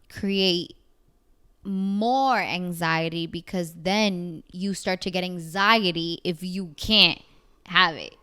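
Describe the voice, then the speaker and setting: A woman's voice: on the low side, slow, sharp tone, smooth. A woman in her twenties co-hosting a casual podcast chat, thinking aloud with fillers and frequent laughs. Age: 20s. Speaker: podcast co-host.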